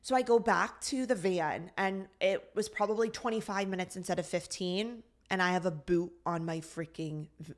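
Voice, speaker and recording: Animated woman telling a frustrating story. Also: lowish voice, moderate pace. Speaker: podcast co-host. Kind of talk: casual storytelling chat.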